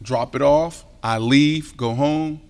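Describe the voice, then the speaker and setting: Animated former football player man, higher voice. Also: slow, smooth, in a large hall. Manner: animated storyteller, emphatic, drops into a hushed voice to tell a story. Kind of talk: casual sports talk show chat.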